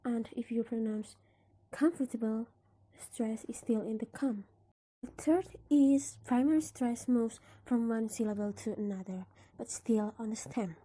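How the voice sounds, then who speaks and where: Young indonesian woman presenting in class, husky breathy voice, slightly high. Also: dark tone. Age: young adult. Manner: slow, careful explaining with examples; often drops into breathy near-whisper. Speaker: student presenter. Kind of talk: class presentation on word stress.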